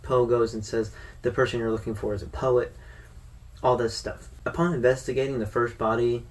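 A man's voice: medium pitch, little pitch movement, moderate pace, far from the mic. A man giving a casual, rambling film review to his viewers, with fillers and restarts. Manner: conversational, loose with fillers and restarts.

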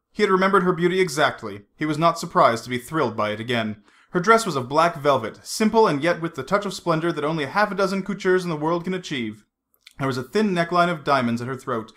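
Male hobby audiobook reader, animated and quick, fairly high voice. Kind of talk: reading a novel aloud.

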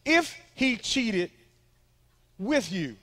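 Male pastor, middle-aged, high voice, chatty and funny sermon delivery with quick asides. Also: very animated, fairly bright tone. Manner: conversational, humorous preaching with asides to the crowd.

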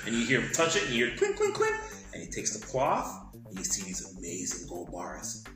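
Music plays in the background as a podcast co-host with a voice on the low side talks a little fast. He casually retells a movie plot with free swearing and acted-out sound effects, animated throughout, and the room sounds echoey.

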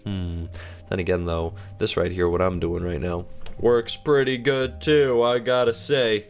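A gaming video host in his twenties delivers playful, unhurried commentary while sick and yawning, with faint music behind him. He's excitable, and his pitch jumps up whenever something alarms him.

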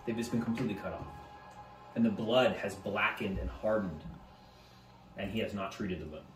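A man narrating a tabletop game as game master, halting now and then and repeating words. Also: fairly low pitch. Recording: roomy, distant mic, faint music.

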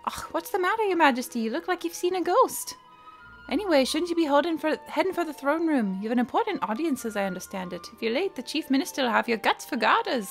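A woman's voice: sits high, lively intonation, quick pace, gravelly, soft background music, pitched above the performer's own voice. A woman voicing a chatty castle servant in a hammy put-on accent.

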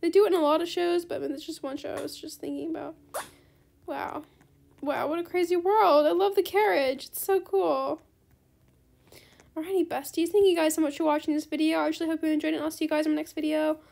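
A woman hosting a casual gaming video, chatty and excitable, politely turning down trade offers as she plays. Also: high voice, fast, vocal fry. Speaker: gaming channel host. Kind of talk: casual gameplay commentary.

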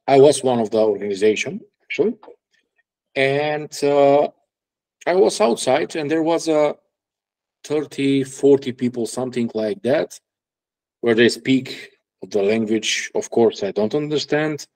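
Macedonian man, guest musician, spins lively yarns in broken English. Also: mid-range voice, unhurried, low-quality recording. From North Macedonia. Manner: lively storyteller in broken English, acts out quoted people. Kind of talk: casual storytelling interview.

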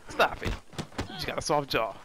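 A man's voice: fairly high pitch, wildly swooping pitch, moderate pace, noisy background. A man, a gaming streamer doing casual commentary, joking trash talk and laughing often.

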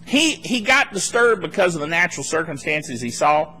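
A man preaching a live sermon at a church meeting, animated and laughing between points, acting out worried voices. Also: a little high, moderate pace. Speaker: pastor.

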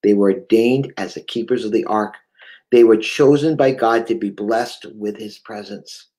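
A man's voice: lowish voice, moderate pace, dark tone, low-quality recording. A man with a New England accent preaching a fervent sermon, often stammering and repeating words.

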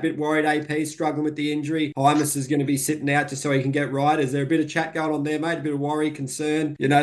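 A man hosts a casual podcast interview, asking his questions at a brisk clip. He keeps a friendly tone and works "mate" into most lines. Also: medium pitch. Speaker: podcast host.

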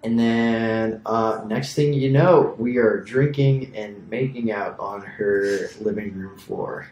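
A man's voice: on the low side, slow pace, darkish tone. A young man co-hosting a casual podcast, telling a rambling story full of fillers and asides. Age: young adult. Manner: rambling, filler-heavy, laughs at own stories. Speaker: podcast co-host. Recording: echoey room.

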